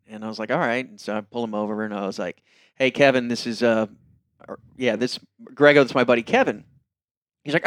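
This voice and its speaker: A man's voice: mid-range voice, brisk, clear, resonant tone, no room sound, clean studio sound. A man, casually telling funny stories on a podcast and acting out what people said. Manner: laughing, animated anecdotes with quoted voices. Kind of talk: casual storytelling chat.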